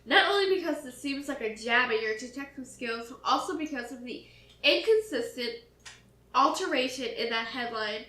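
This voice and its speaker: A woman's voice: high-pitched, animated, normal speed, sharp tone. A woman co-hosting a podcast, casually reading a murder mystery aloud with blunt, joking asides. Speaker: podcast co-host. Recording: roomy echo.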